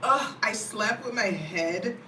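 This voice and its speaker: American woman, vlogger, casual and talkative; bright tone, echoey distant mic. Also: mid-range voice, takes it slowly, a little hiss or hum. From United States. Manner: animated, talkative, frequent "you know what I mean". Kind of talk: casual chat to camera.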